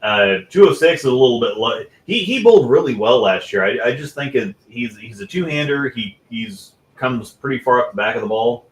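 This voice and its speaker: A man's voice: medium pitch, expressive, brisk, few pauses. A man co-hosting a podcast in casual chat, rambling with many restarts and fillers. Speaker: podcast co-host. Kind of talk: casual chat about bowling. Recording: roomy echo.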